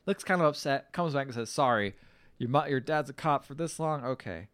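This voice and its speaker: A man's voice: medium pitch, animated, a little fast, fairly bright tone. A man co-hosting a podcast, casually retelling a movie's plot and acting out the characters' lines. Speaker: podcast co-host recapping a film. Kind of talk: casual chat.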